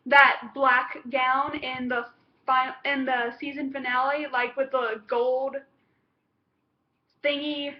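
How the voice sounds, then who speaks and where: A woman's voice: high voice, little pitch movement, takes it slowly, lo-fi sound. A woman reviewing a TV episode in casual chat, rambling with lots of fillers and restarts.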